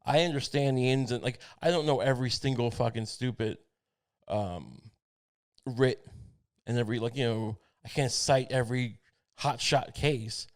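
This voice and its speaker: Rambling, profane male podcast host. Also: mid-range voice. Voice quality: profane, halting delivery with many restarts. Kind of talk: rambling comedic monologue. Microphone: podcast microphone.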